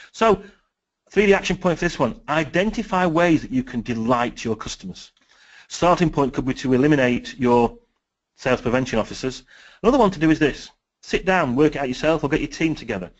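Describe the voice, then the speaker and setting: A man with a Sheffield accent giving a business webinar talk, telling lively stories and acting out the dialogue. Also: mid-range voice, muffled recording. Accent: Sheffield English. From England. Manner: lively storytelling, acts out quoted dialogue. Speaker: business speaker.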